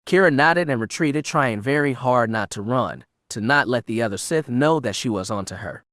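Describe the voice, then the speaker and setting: Steady man narrating an audiobook. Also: medium pitch, moderate pace, few pauses, dry recording, clean studio sound.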